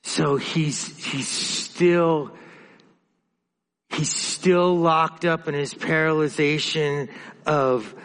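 High-voiced preacher in an echoing hall. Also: male voice, steady tone, a bit bright. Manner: passionate, halting with frequent restarts. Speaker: pastor. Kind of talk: sermon.

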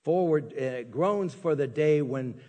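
Animated preacher in a reverberant hall. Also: male voice, a little high, takes it slowly. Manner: animated, joking, acts out little scenes. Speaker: pastor. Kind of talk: sermon.

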